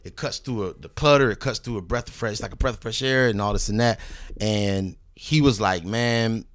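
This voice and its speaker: A man's voice: fairly low pitch, a little fast, no room sound, studio quality. A man casually telling a long story on a podcast, swearing freely, acting out the people he quotes and dropping "you know what I mean" asides. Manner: profane, laid-back, acts out quoted people. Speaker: recording artist guest.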